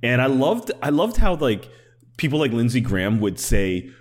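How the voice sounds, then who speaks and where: A man in casual political chat, sardonic and animated, filling his talk with "like" and slipping into impressions. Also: medium pitch, moderate pace. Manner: animated, sardonic, many "like" fillers, slips into impressions.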